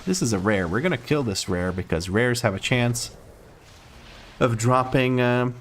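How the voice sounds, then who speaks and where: A man's voice: mid-range voice, measured pace, a little hiss or hum. A man from Croatia with an American accent, casually talking through a video game as a streamer and explaining things as he plays. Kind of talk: casual gameplay commentary.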